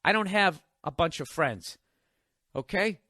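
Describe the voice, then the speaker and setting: A man's voice: high-pitched, lively intonation, measured pace, pushed and bright, no echo, clean studio sound. A man in his forties doing stand-up comedy, telling a story in a profane, ranting way. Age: 40s. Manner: profane, ranting, mimics others in bits.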